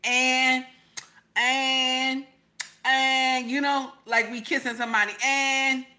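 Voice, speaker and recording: A woman reacting live to a clip and reading her chat aloud, loud and laughing, repeating her questions over and over. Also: high-pitched, level tone, takes it slowly.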